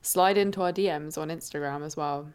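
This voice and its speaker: A woman's voice: sits low, fairly quick, a little mellow, clean tone. A woman co-hosting a podcast, chatting casually, laughing often and swearing freely. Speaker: podcast co-host. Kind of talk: casual chat.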